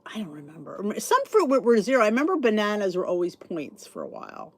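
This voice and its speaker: A woman's voice: mid-range voice, wildly swooping pitch, fast, no room sound. Middle aged lady rambling on her podcast, kinda sleepy, yawny, dry close sound. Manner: chatty, rambling, thinks aloud with restarts. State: sleepy, yawning. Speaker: podcast host. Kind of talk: casual chat reading live comments.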